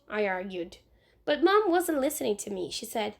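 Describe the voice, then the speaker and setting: A woman, a teacher, reading a children's novel aloud in clear, unhurried storytelling. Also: fairly high pitch, big pitch swings.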